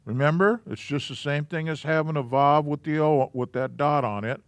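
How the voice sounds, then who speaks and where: A man's voice: on the high side, moderate pace, smooth, no room sound. A man teaching the Hebrew alphabet to a live class in a church, patiently walking through letters and sounds step by step.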